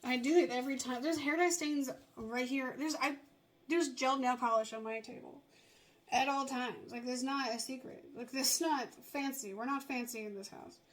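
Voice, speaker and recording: A woman's voice: high voice, fairly even intonation, normal speed. A woman chatting casually in a home vlog, rambling and self-mocking, often dropping to muttered asides under her breath. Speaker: vlogger. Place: home, at a table.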